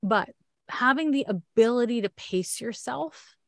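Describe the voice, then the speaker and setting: A woman's voice: fairly high pitch, lively intonation, measured pace, vocal fry, dry recording, studio quality. A woman with a Canadian accent giving a frank, chatty astrology reading in a casual one-on-one talk. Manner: chatty, frank, laughs often.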